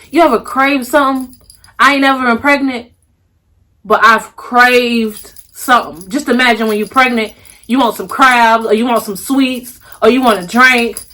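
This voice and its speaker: A woman's voice: fairly high pitch, a bit bright. A young woman vlogger talking to her viewers in a sassy, drawling way, repeating herself for emphasis and calling them honey and baby. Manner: emphatic repetition, slows down to stress points. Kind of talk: casual vlog monologue.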